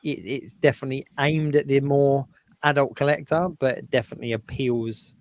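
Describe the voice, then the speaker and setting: Southern English host, chatty and hesitant with plenty of ums. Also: male voice, mid-range voice, steady tone, a little fast, a little mellow, no echo. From southern England. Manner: casual, hesitant, many fillers. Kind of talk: live stream chat.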